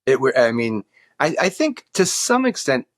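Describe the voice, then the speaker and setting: A man's voice: medium pitch, big pitch swings, normal speed, dry recording. A middle-aged man from New York, a guest in an interview, talking earnestly and often repeating words while he thinks. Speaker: guest, political consultant. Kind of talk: conversational interview.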